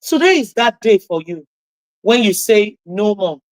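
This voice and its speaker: Husky-voiced woman giving an impassioned talk. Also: a little high, sing-song, measured pace, dry recording, low-quality recording. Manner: impassioned and emphatic, repeating key phrases. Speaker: radio talk show host. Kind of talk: motivational talk.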